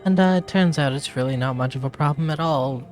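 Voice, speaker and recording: A man's voice: a little high, brisk, a little mellow, soft background music, lightly acted. Alwyn, a man voicing a flustered woman mayor. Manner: polite, fretful, rambling. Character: flustered woman village mayor, nervous and rambling.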